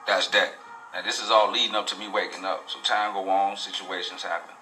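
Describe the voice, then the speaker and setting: A man's voice: low-pitched, fairly even intonation, fairly quick, pushed and bright, faint music behind, rough recording. A man telling his own life story in a casual, profane, rambling way, full of street slang. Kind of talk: casual personal testimony.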